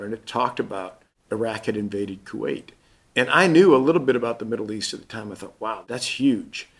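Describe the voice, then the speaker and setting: A man's voice: lowish voice, gravelly, breathy edge. Man telling a story and acting out the voices. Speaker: guest. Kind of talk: casual storytelling.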